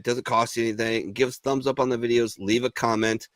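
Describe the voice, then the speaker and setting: A man's voice: medium pitch, fairly even intonation, a little fast, hardly any pauses, no echo, studio quality. A man hosting a casual veterans' talk show, rambling and swearing freely, a little tipsy. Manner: loose, rambling, profane storytelling. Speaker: podcast host. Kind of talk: casual chat.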